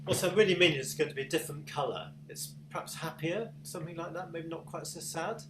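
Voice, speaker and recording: A British man teaching piano in a patient, encouraging way, his voice sitting a little high. He comes through an echoey room on a video call, with piano sounds around his words. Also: fast talker. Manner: encouraging, patient, asks questions. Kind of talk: online piano masterclass.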